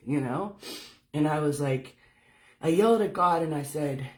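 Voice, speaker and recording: A woman's voice: sits low, normal speed, darkish tone. A woman giving a casual livestream talk as a spiritual speaker. She talks candidly and swears freely as she tells her story. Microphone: phone.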